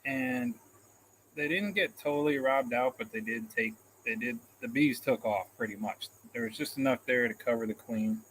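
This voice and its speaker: A man's voice: medium pitch, expressive, moderate pace, fairly bright tone, slight background noise, rough recording. A man hosting a casual live stream, reading out comments in a rambling, self-deprecating way and chuckling often, into a phone camera. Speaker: livestream host.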